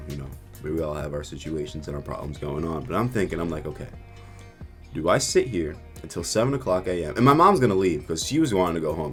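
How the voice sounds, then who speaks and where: Young man, deep voice, casual vlog storytime, swearing, animated retelling. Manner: profane, rambling, animated retelling.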